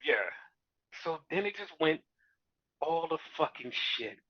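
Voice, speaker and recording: A man co-hosting a casual wrestling review chat, telling events in an animated, profane, exasperated way. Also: on the high side, takes it slowly, breathy edge. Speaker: podcast co-host. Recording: dull lo-fi recording.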